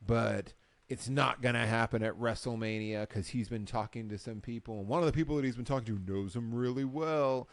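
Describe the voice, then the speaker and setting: A man co-hosting a casual recap show, telling the story with lively acted-out quotes. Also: medium pitch, fairly quick, no room sound. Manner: animated storyteller, acts out quotes. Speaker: podcast co-host. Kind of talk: casual chat.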